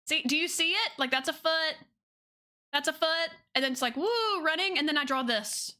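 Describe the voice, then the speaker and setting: A woman's voice: sits high, normal speed, pushed and bright. A woman streamer chatting casually with her viewers, bubbly and giggly. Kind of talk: casual chat with viewers while drawing.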